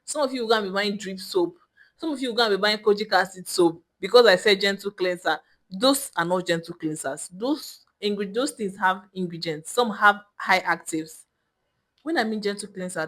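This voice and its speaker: A woman's voice: mid-range voice, fairly bright tone. Emphatic woman giving skincare advice. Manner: emphatic, repetitive, lecturing with frequent restarts. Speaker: skincare vlogger. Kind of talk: direct-to-camera skincare advice.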